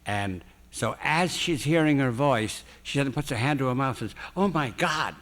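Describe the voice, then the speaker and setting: An older man as a guest speaker, telling anecdotes in an animated way, often restarting sentences and breaking into laughter. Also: mid-range voice, a little fast. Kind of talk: reminiscing talk.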